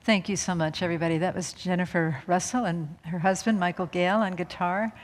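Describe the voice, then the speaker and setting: Woman minister hosting, chatty and lightly laughing; low voice, reverberant hall. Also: steady tone, a little fast, slight background noise. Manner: warm, chatty, laughs between remarks. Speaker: minister and host. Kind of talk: church service introduction. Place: church sanctuary. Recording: long reverb in a hall, audience faint.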